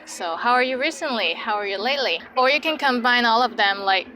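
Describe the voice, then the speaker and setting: A woman's voice: a little high, expressive, a little fast, bright, forceful tone, slight background noise, low-quality recording. A woman teaching Cantonese words, saying each word twice and then giving example sentences. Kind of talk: language lesson.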